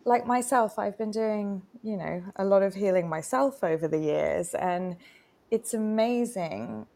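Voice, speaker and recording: A woman's voice: mid-range voice, measured pace, gravelly, warm tone. A woman co-hosting a live chat, telling a personal story in an earnest, heartfelt way. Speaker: co-host, retreat facilitator. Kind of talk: casual live-stream chat.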